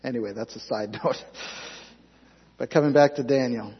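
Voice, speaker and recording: A man's voice: mid-range voice, moderate pace, breathy edge. A man preaching a sermon, reading scripture aloud and pressing the congregation with emphatic rhetorical questions. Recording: dull lo-fi sound.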